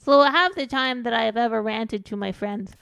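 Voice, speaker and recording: A woman's voice: a little high, normal speed, vocal fry, fairly bright tone, clear, resonant tone, no echo. A woman streaming a game and chatting casually, rambling along with frequent giggles and calling herself by her own nickname. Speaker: VTuber streamer.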